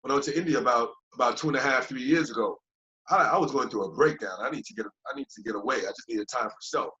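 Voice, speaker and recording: In a fast, mid-range voice, a man who teaches yoga chats as a podcast guest on a dull lo-fi recording. Casual and reflective but repetitive, he keeps circling back with "you know what I mean" and voices his own past thoughts as lively quotes.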